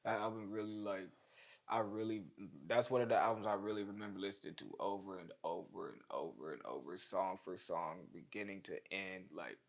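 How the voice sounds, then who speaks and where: A man's voice: low voice, brisk, gravelly. Laid-back young man, slangy chat. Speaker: rapper. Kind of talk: casual chat.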